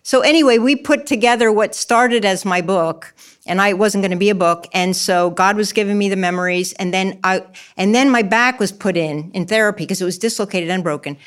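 A woman's voice: mid-range voice, a little fast. A middle-aged woman giving a candid personal testimony in an interview, emotional and acting out her own past words. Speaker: guest telling her testimony. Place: church.

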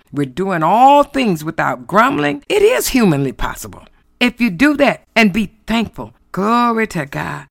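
Woman preaching, gravelly voice, pitch swoops up and down a lot, dry sound. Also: no echo. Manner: emphatic, swooping preacher cadence with exclamations. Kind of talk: sermon.

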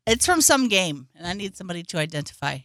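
A woman co-hosting a podcast, chatting in an animated, exclamatory way. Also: lowish voice, fast talker. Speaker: podcast co-host. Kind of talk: casual chat.

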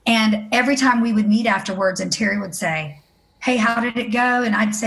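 A woman's voice: fairly high pitch, a little fast, a bit bright. A middle-aged woman giving a personal testimony as an interview guest, telling her story earnestly and acting out the voices of the people in it.

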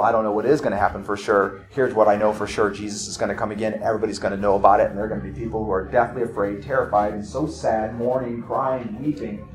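A man preaching a sermon as pastor, earnest, moving from hushed low passages to insistent urging. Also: echoey room.

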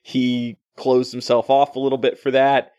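A man co-hosting a podcast, giving thoughtful, measured analysis of a book in casual talk. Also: mid-range voice, completely flat delivery, a little mellow, clear, resonant tone, no room sound, muffled recording. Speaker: podcast co-host.

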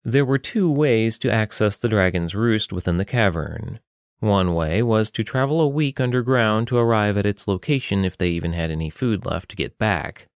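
A man reading a fantasy story aloud in a steady, measured way. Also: on the low side, dry recording, studio quality. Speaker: narrator. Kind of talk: fantasy audiobook narration.

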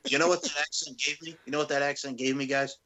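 A man co-hosting a casual wrestling podcast, animated and profane, breaking into loud laughs. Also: mid-range voice, fast talker. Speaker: podcast co-host.

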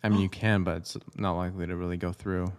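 A man's voice: low-pitched, quick pace. A young man co-hosting a casual podcast, telling stories with lots of laughter and acted-out voices. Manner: animated storyteller who laughs a lot and acts out voices. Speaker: podcast co-host. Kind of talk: casual chat.

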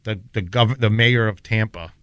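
A man with a bright, forceful voice tells stories in a lively, animated way as a podcast guest. He often mimics other people. The recording is dry and close. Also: fairly low pitch, moderate pace, clear, resonant tone, no room sound. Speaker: guest chef. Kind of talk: casual podcast chat.

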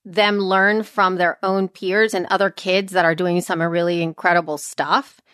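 A woman's voice: on the low side, level tone, a little slow, a bit bright, clean tone, dry recording, clean studio sound. A woman co-hosting a podcast, chatting casually and animatedly in long run-on sentences. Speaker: podcast co-host. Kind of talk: casual chat.

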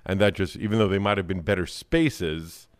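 A man's voice: deep voice, normal speed, clear, resonant tone, no echo, clean studio sound. A man chatting casually as a podcast guest, blunt and self-deprecating, with casual swearing. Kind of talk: casual conversation.

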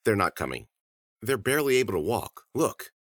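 A man's voice: on the low side, very animated, moderate pace, no room sound, clean studio sound. A man voicing an awkward, flustered teenage boy who stammers when caught out. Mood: assured.

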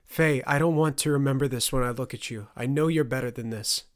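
An earnest young hero, a former slave, pleads and urges in a raised voice, as a male narrator reads him. His voice is mid-pitched and plain. This is an audiobook character reading. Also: fairly quick, natural voice. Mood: urgent.

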